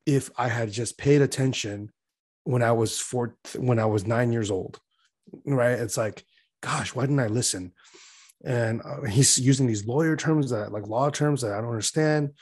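A man chatting casually on a podcast, telling an animated story with lots of fillers and acting out his own frustration. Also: mid-range voice, normal speed, breathy edge. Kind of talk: casual chat.

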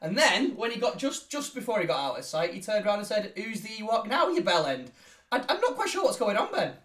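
A man's voice: high-pitched, big pitch swings, fast, fairly bright tone. A man who hosts and edits a podcast, sounding bemused and exasperated in casual chat. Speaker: podcast host and editor. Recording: roomy echo, distant from mic.

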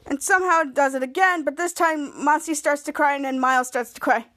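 High-pitched woman rambling through a tv episode recap, acting out lines a bit. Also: fairly quick, fairly bright tone. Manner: rambling retelling, quoting characters with small voice shifts and bits of sung melody. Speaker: podcast host.

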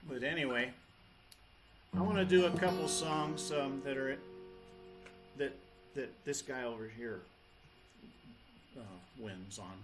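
A man's voice: mid-range voice, takes it slowly, long pauses. A man who is a folk rock singer, chatting loosely between songs at a live show, with frequent restarts. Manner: loose, meandering, many restarts. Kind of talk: rambling stage chat between songs. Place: live venue with an audience. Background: acoustic guitar playing.

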